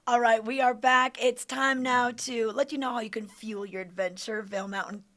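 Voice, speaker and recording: A woman co-hosting a live morning show in a casual, upbeat way. She reads viewer chat aloud and chats freely. Her voice sits a bit high for a woman. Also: steady tone, moderate pace, a bit bright.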